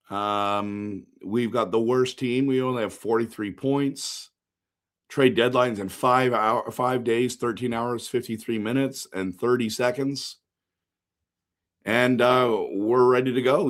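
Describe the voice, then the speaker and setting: A man hosting a casual hockey livestream with a hoarse, strained voice. He rambles, reads viewer comments aloud and jumps into excited outbursts. His pitch sits in an ordinary middle range. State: hoarse, voice shot. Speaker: hockey fan streamer hosting a post-game show. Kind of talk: casual live-stream chat.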